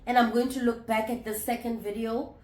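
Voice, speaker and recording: A woman in her thirties talking candidly to camera in a casual vlog, reflective and halting, often restarting her sentences. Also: on the high side, steady tone, a little mellow. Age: 30s. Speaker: vlogger. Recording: roomy echo.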